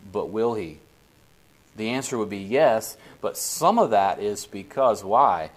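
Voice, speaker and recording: A man with a lowish voice leads a casual Bible study for a small group. He talks in an easy, conversational way and keeps asking the group whether they follow. His tone stays relaxed and unhurried. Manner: conversational, often checks in with the group.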